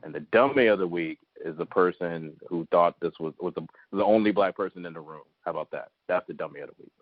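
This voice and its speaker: Man, very low voice, blunt, halting, dry phone-like sound. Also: dry recording. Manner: blunt, halting, gropes for words. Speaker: podcast co-host. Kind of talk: casual chat.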